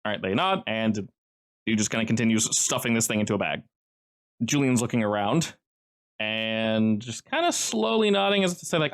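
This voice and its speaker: A man's voice: fairly low pitch, expressive, moderate pace, gravelly, fairly bright tone. A man narrating as game master, casual and loose, with lots of fillers.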